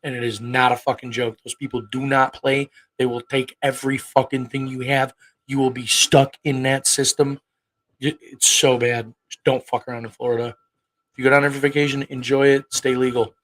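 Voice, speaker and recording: Thirties guy chatting on a livestream, swears a lot, blunt and rambly, mid-pitched voice. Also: level tone, normal speed, fairly bright tone, poor audio. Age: 30s. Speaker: livestream host. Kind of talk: casual livestream chat.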